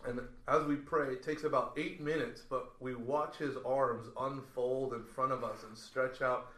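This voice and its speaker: Animated man telling a story. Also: mid-range voice, normal speed, reverberant. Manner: animated storyteller, acts out quoted lines. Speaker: podcast guest. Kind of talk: casual storytelling.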